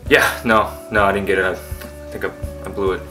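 A man's voice: low voice, fairly even intonation, fairly quick, reverberant, over music. A man playing a rejected auditioner in a comedy sketch, dejected and sheepish.

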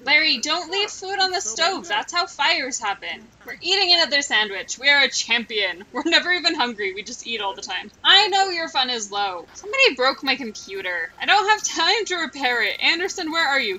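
High bright-voiced woman chatting through a game, bouncy and dramatic. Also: animated, moderate pace, hardly any pauses, low-quality recording. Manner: chatty, playfully melodramatic. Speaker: let's play gamer. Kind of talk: casual gameplay commentary.

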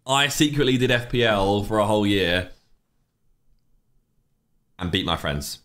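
A man's voice: fairly low pitch, expressive, measured pace, fairly bright tone. A young man, casually chatting on a livestream, rambling and reacting to chat messages with offhand opinions.

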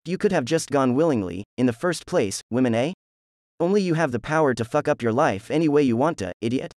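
A man's voice: medium pitch, lively intonation, a little fast, a little mellow, no room sound, studio quality, close to an everyday voice. A man voicing a rude, lazy young male ninja anti-hero, reading him in a brash, mocking way from a fan story.

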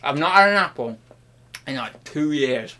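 A man hosting a comic vlog, playful and mock-grandiose, jumping between loud outbursts and hushed murmurs, at times talking while chewing. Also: a little high, lively intonation, moderate pace, very noisy. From United Kingdom. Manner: talks while chewing an apple. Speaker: online reseller and channel host.

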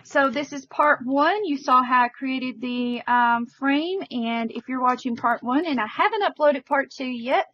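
Slow-talking crafting instructor woman, lo-fi. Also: high voice, fairly bright tone. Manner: chatty, enthusiastic, many fillers. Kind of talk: craft tutorial.

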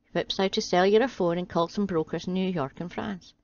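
A woman reading a string of jokes aloud in a steady, deadpan way. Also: fairly low pitch, brisk. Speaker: channel host reading jokes. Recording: dry, slightly dull home audio.

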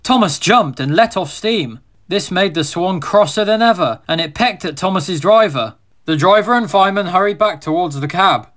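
A man reading a children's storybook aloud as narrator, in a steady, expressive manner. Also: sits high, normal speed.

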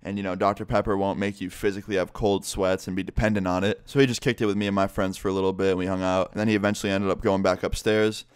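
A man's voice: sits low, little pitch movement, quick pace, hardly any pauses, clear, resonant tone, no room sound. A young adult man vlogger telling a story in a blunt, casual way, full of swearing and "like".

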